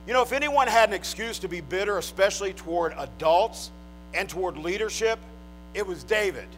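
A male preacher with a notably high voice delivers an emphatic sermon and drives home his points by repeating them. Faint music plays behind him. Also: expressive, brisk, fairly bright tone, low-quality recording. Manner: storytelling, emphatic, repeats key lines.

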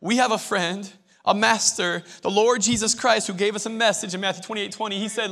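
A man's voice: high voice, fairly even intonation, fairly quick, few pauses, fairly bright tone. A man preaching a chapel sermon to Bible college students, emphatic and repetitive, often restarting his phrases.

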